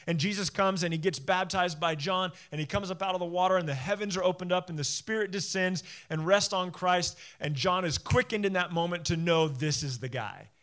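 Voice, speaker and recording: A man preaching in an easy, conversational way, with a voice a bit higher than most men's. He slips into casual modern speech when he acts out the people in the story. His delivery swings from loud, excited bursts to low, quiet stretches. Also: fairly quick, few pauses. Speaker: pastor. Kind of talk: sermon.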